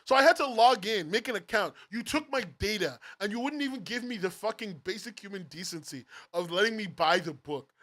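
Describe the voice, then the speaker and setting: Man, commentary rant, profane and exasperated, high voice, lively pitch. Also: a little fast, few pauses. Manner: profane, exasperated, laughing through rants. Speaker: webcomic reviewer. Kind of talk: ranting commentary.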